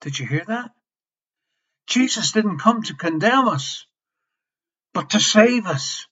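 A man delivers a sermon at an unhurried pace in a fairly high voice. He moves from loud, pressing emphasis to hushed, soft lines and repeats key phrases. The recording sounds slightly dull and lo-fi. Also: lively intonation, slightly rough. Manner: impassioned, swinging between loud emphasis and soft near-whispers. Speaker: preacher.

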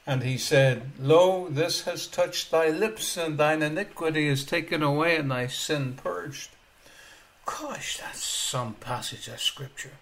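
A man delivering a lively sermon with a somewhat higher-pitched voice. He swings between soft, low asides and loud exclamations, and chuckles often as he preaches. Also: slow pace.

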